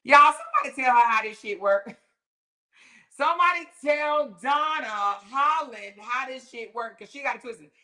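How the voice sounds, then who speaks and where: A woman hosting a casual commentary talk show speaks with a high, bright, pushed voice that's animated and normally paced. She's sassy and mocking, swears a lot, and laughs often.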